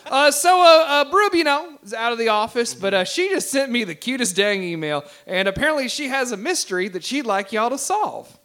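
A man, narrating a tabletop game as game master in a chatty, animated way. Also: extremely high pitch, normal speed. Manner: animated, chatty, laughing often.

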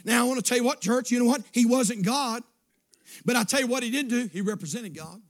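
A male pastor preaching a sermon, building up with shouted, repeated lines. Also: very high voice, brisk. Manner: preaching with shouted emphatic repetitions.

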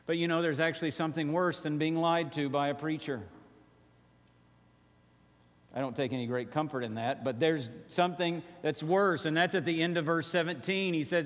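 A male pastor preaching a sermon, emphatic, dropping to quiet slow phrases and rising to urgent appeals. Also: a little high, fairly even intonation, in a large hall.

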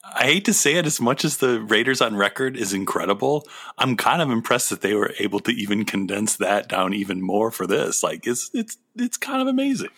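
A man's voice: on the low side, a little fast, pushed and bright, slightly rough. A man co-hosting a podcast in casual, enthusiastic chat, laughing often and saying "like" a lot. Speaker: podcast co-host.

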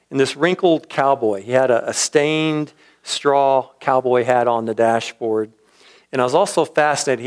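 A man spinning a yarn in a relaxed, rambling way, chuckling often and slipping into the voices of people he met. His voice sits at an ordinary middle pitch. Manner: rambling, chatty, chuckles often, acts out quotes. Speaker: storyteller. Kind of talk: casual spoken storytelling.

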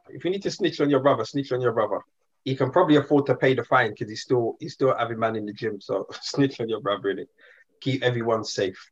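A man's voice: medium pitch, highs cut off. A man, chatting in a laid-back, slangy way as a podcast co-host. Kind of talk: casual chat.

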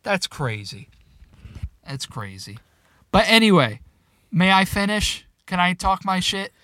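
Brief: young male podcast co-host, slightly high voice, dry close sound, rambling and giggly, talks from a parked car. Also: very animated, unhurried, sharp tone, no room sound. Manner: laughs often, rambling, swears. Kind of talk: casual chat. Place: sitting in his car.

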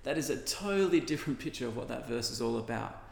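A man's voice: mid-range voice, expressive, quick pace, gravelly. A male pastor preaching a sermon in an earnest, conversational way with casual asides. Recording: echoey hall with long reverb.

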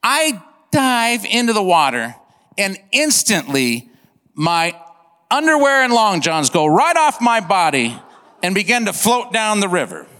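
A man preaching a sermon, telling a funny story in an animated, comic way and acting out sound effects. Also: sits high, a little slow, long reverb tail. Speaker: pastor. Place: church.

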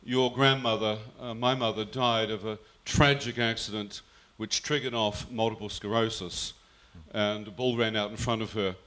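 Man, bright forceful voice, earnest storytelling. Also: lowish voice, fairly even intonation, normal speed, few pauses. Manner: earnest, quotes his mother's words. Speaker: guest telling his testimony. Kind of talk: personal storytelling.

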